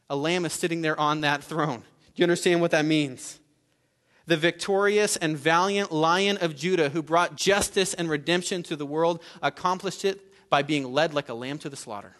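A man's voice: fairly high pitch, moderate pace, fairly bright tone. A man preaching a sermon as pastor, earnest and emphatic, often repeating words as he restarts.

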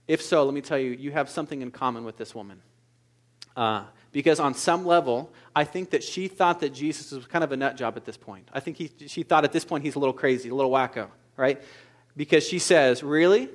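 A man preaching a sermon as pastor, moving between quiet, intimate asides and loud, emphatic exhortation. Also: mid-range voice, fairly quick.

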